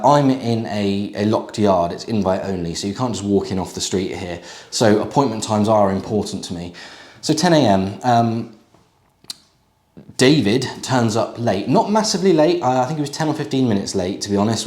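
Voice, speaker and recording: A man's voice: on the low side, darkish tone, echoey room. A middle-aged man, a used car dealer, casually telling a story to camera with lots of fillers and asides. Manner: chatty, conversational, with frequent fillers and asides.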